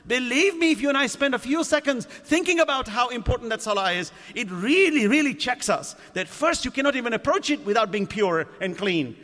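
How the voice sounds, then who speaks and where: A man's voice: extremely high pitch, bright, forceful tone. A man delivering a sermon at a mosque gathering, asking the audience rhetorical questions. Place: community centre lecture hall. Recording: long hall reverb.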